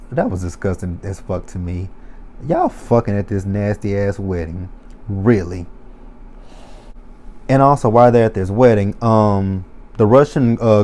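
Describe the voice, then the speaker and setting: A man's voice: on the low side, mellow. A young man recapping a TV episode in a casual, profane vlog, swearing freely and acting out his own shocked reactions. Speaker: TV recap vlogger.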